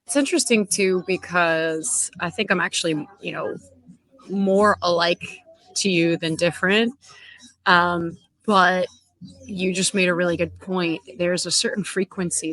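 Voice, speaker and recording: A woman talking as a podcast guest in a reflective, measured way. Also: on the low side, a bit bright, rough recording. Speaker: podcast guest, personal trainer. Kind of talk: casual podcast chat.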